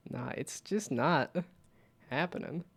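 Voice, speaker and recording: A man chatting casually on a live stream while building a game, rambling and self-mocking, with frequent laughter and silly high whoops. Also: expressive, takes it slowly, creaky, fairly bright tone, slightly rough.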